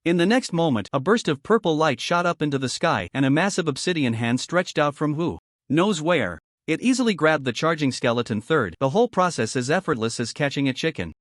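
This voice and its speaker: A man narrating a story recap in a steady storytelling manner. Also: on the high side, fairly quick, dry recording, clean studio sound. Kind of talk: scripted narration.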